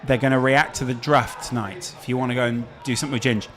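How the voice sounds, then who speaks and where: A man with a Scouse accent hosts a live stream in a loose, chatty way, reading viewers' questions and answering them off the cuff. His voice sits at an ordinary middle pitch. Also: fairly even intonation, fast talker, fairly bright tone. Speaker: streamer host. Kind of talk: casual live-stream chat.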